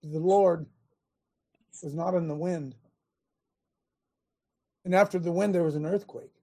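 A man preaching to a men's gathering, reading scripture and swinging from loud urging calls to hushed near-whispers in a husky voice. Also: fairly high pitch, steady tone, measured pace.

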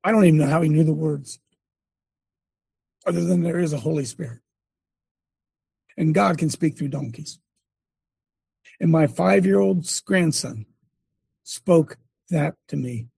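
Gravelly older man preaching a testimony. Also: a little high, measured pace, pauses often, a little mellow, no echo. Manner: emphatic storytelling with many repeats and restarts; breaks off to direct a helper at a screen. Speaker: speaker and former coach. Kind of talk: sermon-like testimony.

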